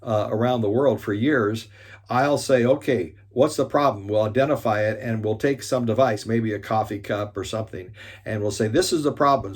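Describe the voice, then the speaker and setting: A man gives an earnest motivational talk about resolving conflict, slowing down to stress key points and frequently restarting sentences. His voice is fairly low and a little mellow.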